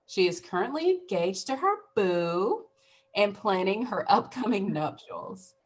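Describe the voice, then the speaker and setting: A woman's voice: medium pitch, big pitch swings, a little slow, husky. A woman hosting a podcast, giving effusive introductions and chatting casually with a guest. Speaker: podcast host. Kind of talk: casual interview.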